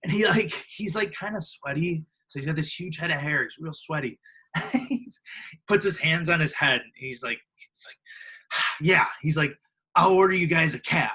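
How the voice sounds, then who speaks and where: A man in his twenties from Illinois, US, appears as a podcast guest, telling stories casually and animatedly. His voice is on the high side, slightly rough, at a moderate pace, and the recording is low quality. He acts out other people's voices, uses heavy filler words, and laughs often.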